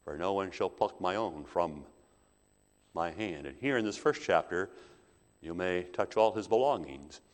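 A male preacher delivering a sermon, dramatic, swinging from hushed asides to loud emphasis. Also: deep voice, animated, unhurried. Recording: long hall reverb.

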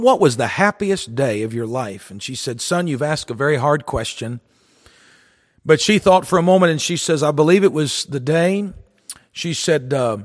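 A man's voice: on the high side, in a large hall. A man preaching a sermon, telling a folksy story in an earnest way.

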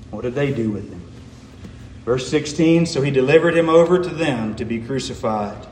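A man's voice: medium pitch, expressive, moderate pace, a little mellow, reverberant, long reverb tail, a little hiss or hum. A man preaching a sermon as a pastor, asking the congregation one rhetorical question after another.

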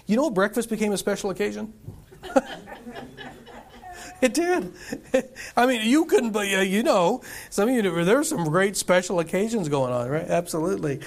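Middle-aged pastor preaching in a higher voice. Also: male voice, expressive, moderate pace, pauses often. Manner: conversational preaching with rhetorical questions to the congregation. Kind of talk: sermon. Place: church sanctuary.

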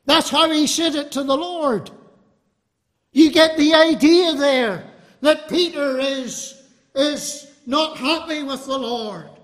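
A man's voice: extremely high pitch, fairly bright tone. A man preaching a fervent, emphatic sermon to a congregation. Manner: fervent, emphatic, appealing to the listener. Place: congregation hall. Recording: long hall reverb.

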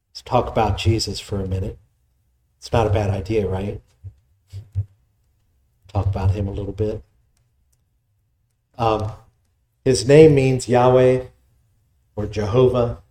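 A man's voice: fairly low pitch, mellow, slight background noise. A man preaching a sermon, explaining scripture in a conversational, teaching way. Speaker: pastor.

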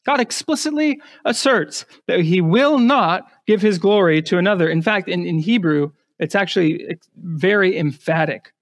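A man's voice: sits high, lively intonation, normal speed, hardly any pauses. A male pastor preaching an emphatic sermon, putting rhetorical questions to his congregation and often repeating words as he starts a phrase.

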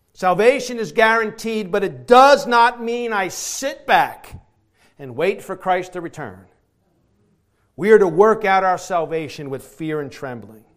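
Preacher, male, high voice, fervent sermon delivery with big dynamic swings. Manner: emphatic, swings from quiet to shouting.

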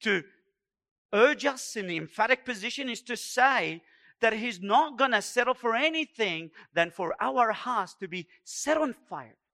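Male preacher with a raised, bright tone; slow, pleading, emphatic sermon. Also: sits high. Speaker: pastor.

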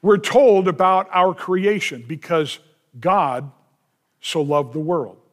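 High-voiced, slow-preaching male pastor. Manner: emphatic preaching with repeated refrains and rhetorical questions. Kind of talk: sermon.

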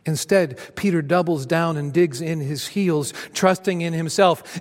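A man's voice: a little high, measured pace, hardly any pauses, big-room sound. A man preaching a sermon as a pastor, speaking emphatically with dramatic rises and drops.

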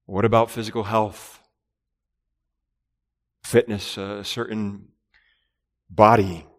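A man's voice: fairly low pitch, flat delivery, takes it slowly, in a large hall. A man preaching a sermon in an earnest, emphatic way, with repeated phrases and rhetorical questions. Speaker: pastor.

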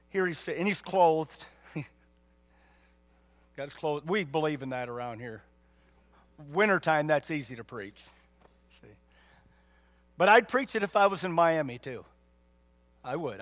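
Emphatic preacher man, fairly high voice. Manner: emphatic, rhetorical questions, folksy asides. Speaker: pastor. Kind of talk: sermon.

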